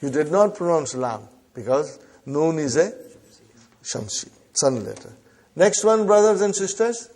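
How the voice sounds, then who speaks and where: A man teaching Arabic to a class, slowly repeating phrases and prompting the students with short questions. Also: fairly high pitch, animated, darkish tone. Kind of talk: classroom lesson.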